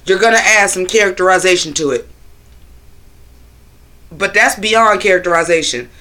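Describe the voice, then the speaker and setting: A man's voice: high-pitched, lively intonation, normal speed, bright, forceful tone. A man hosting a casual livestream on his phone, talking loosely and profanely while answering his chat. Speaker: livestream host.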